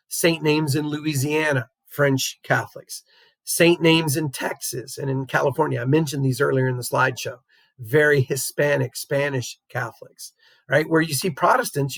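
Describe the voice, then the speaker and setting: Chatty male teacher, slightly husky. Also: on the high side, a bit bright, dry recording. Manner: conversational, keeps adding "right?" checks; chuckles while explaining. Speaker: geography teacher. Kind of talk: recorded classroom lecture over slides.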